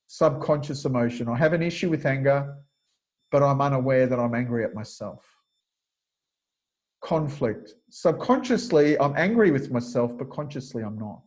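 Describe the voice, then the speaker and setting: A man's voice: mid-range voice, expressive, normal speed, darkish tone, rough recording. A man teaching a webinar lecture over a video call, explaining step by step and thinking aloud with frequent fillers. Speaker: kinesiology teacher.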